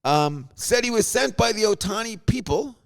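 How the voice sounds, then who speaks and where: A man's voice: high voice, expressive, normal speed, creaky. A man hosting a podcast, talking sports in a jokey, storytelling way. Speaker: podcast host. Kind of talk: casual sports chat.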